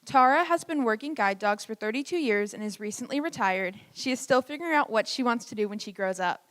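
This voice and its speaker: A woman reading out a scripted introduction of a graduate at a ceremony, in a steady delivery. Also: a little high, a little fast. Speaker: ceremony announcer.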